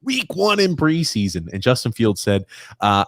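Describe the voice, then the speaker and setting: A man's voice: mid-range voice, sing-song, moderate pace, a bit bright, dry recording, studio quality. A man hosting a sports podcast who reads out listener comments in chatty, casual talk. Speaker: podcast host.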